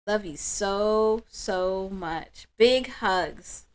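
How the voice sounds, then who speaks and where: A woman hosts a spiritual livestream and speaks to her viewers in an emotional, affirming way. She talks slowly and softly at a middle pitch and takes her time between thoughts. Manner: warm, emotional, affirming, slow and soft-spoken. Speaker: livestream host.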